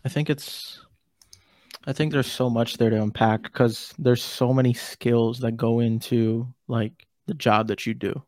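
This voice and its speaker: A man's voice: mid-range voice, fairly even intonation, unhurried, a little mellow, no room sound, studio quality. A man hosting a podcast who asks probing questions in a casual interview and often rephrases them as he goes. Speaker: podcast host.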